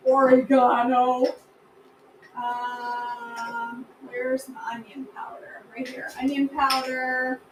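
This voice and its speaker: A chatty woman hosts a casual live cooking stream from her home kitchen, answering viewers as she goes. Her voice sits a little high, with a faint hum behind it. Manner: chatty, replies to viewer comments. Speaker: cooking class host.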